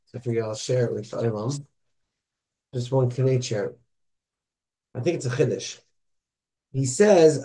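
A man's voice: mid-range voice, normal speed, pauses often. A man sharing a Torah insight in a casual study group, asking rhetorical questions and quoting Hebrew sources. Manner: animated, rhetorical questions, mixes Hebrew and Yiddish terms.

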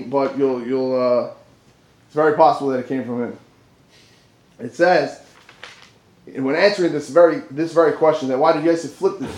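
Man, high voice, Torah class, animated, echoey room. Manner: animated, dips low for asides and rises for emphasis. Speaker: Torah teacher. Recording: roomy echo.

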